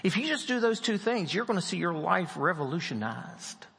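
A man's voice: sits high, very animated, normal speed, creaky, fairly bright tone, breathy edge, long reverb tail. A man from West Virginia preaching a sermon, telling a story and acting out the people in it. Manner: storytelling preacher, acts out the people in his stories. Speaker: pastor.

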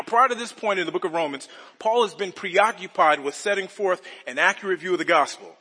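A male pastor preaches in a bright, slightly husky voice with a fairly high pitch. He delivers an earnest, expository sermon full of rhetorical questions. The sound carries a long reverb from a large church sanctuary. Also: brisk.

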